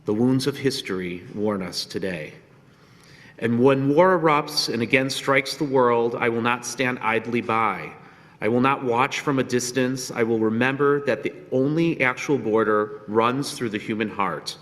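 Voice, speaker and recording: Man, mid-pitched voice, solemn recitation, measured and grave, long hall reverb. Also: fairly bright tone. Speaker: reader at a remembrance ceremony.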